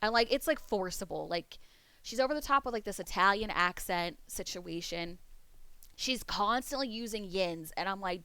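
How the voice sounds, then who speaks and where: A woman from Pennsylvania streaming, chatting casually with viewers in a rambling way, swearing freely and a bit hoarse from losing her voice. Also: mid-range voice, moderate pace, sharp tone, no room sound.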